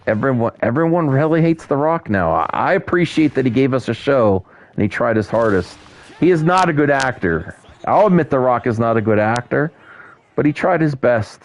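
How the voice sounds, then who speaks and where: A man's voice: medium pitch, lively intonation, moderate pace. A man chatting casually on a live stream while he plays a game, rambling with many restarts and talking to his viewers, on a headset mic.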